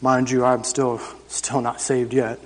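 During a church service, a church member in his thirties tells the congregation his personal story at a measured pace. His voice is medium in pitch with little movement, though his delivery is emphatic and conversational. The hall echoes noticeably.

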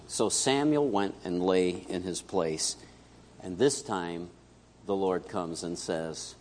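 A man preaching a sermon as pastor, telling a story and acting out its dialogue, swinging between loud and hushed. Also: deep voice, slow pace, a little hiss or hum. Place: church sanctuary. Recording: echoey church hall.

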